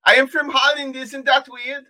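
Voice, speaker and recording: A man co-hosting a podcast in casual chat, reacting with quick jokes and banter. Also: very high voice, level tone, pushed and bright. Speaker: podcast co-host.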